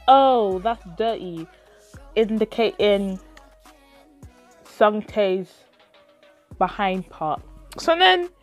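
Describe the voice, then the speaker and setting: A young woman telling a story to her vlog audience, dramatic and swearing, acting out her own reactions. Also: on the high side. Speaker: YouTube vlogger. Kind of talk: animated storytime retelling.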